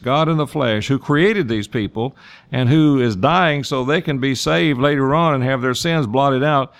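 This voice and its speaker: A male preacher delivers an expository sermon in a mid-pitched voice, moving between scripture reading and homespun asides. When he wants a point to land, he slows his delivery and lifts his pitch for emphasis.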